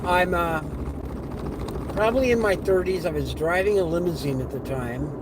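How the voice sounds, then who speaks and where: A middle-aged man tells a casual story while driving, acting out the voices he quotes with lively energy. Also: high-pitched, normal speed. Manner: animated, acts out quoted voices. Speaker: live streamer. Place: inside a car on the road. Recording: car and road noise behind.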